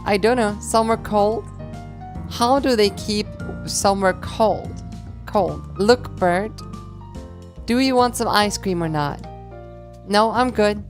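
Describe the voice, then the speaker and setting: A woman's voice: mid-range voice, slow pace, pauses often, music in the background. A woman streaming a story game, reading every character's lines aloud in playful voices and laughing between them.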